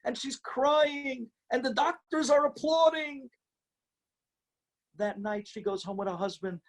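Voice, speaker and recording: A man's voice: extremely high pitch, measured pace. A man, a rabbi, telling a story in a sermon with dramatic emphasis.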